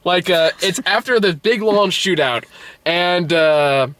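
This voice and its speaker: A man's voice: sits high, takes it slowly, a bit bright. A young man in casual chat reviewing a movie, rambling, swearing and laughing often.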